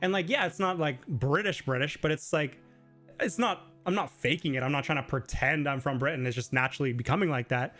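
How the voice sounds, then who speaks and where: A chatty man hosts a live question-and-answer stream, his voice sitting a little higher than most men's. He rambles casually with plenty of fillers and now and then jumps up high to mimic someone. Faint music plays behind him. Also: a little fast, fairly bright tone. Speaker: livestream host.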